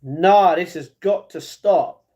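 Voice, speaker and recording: Slow-talking London man chatting on stream. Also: sits high, warm tone. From London, England. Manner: reads chat messages aloud and answers them, chuckles often. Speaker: livestreamer. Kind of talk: casual live stream chat. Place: at home.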